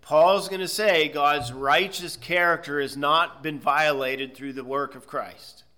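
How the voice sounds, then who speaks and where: A man's voice: a little high, steady tone, measured pace, bright, forceful tone. A man giving a methodical Bible lesson, explaining word meanings step by step and checking in with "okay?". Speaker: Bible teacher. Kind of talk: expository Bible lecture.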